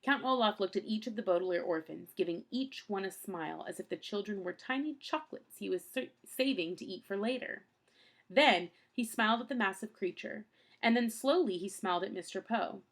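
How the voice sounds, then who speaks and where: A woman reads a children's novel aloud, steady and plain, with an occasional slip of the tongue. Her voice has a gravelly, creaky grain at a middle pitch. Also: fairly quick. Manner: plain storytelling with small slips. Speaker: audiobook reader.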